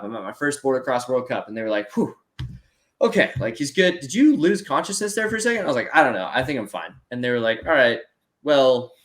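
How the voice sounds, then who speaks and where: A man in his twenties from the United States, an interview guest telling a story in casual chat, animated and full of fillers. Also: medium pitch. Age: 20s. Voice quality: animated, acts out voices in his story, many fillers like "dude" and "like". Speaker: interview guest, para snowboarder.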